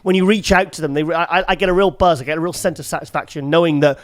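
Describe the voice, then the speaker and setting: A man's voice: on the high side, steady tone, rapid-fire, no echo. A man hosting a podcast from a studio, chatting casually and rambling with many restarts. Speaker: podcast host.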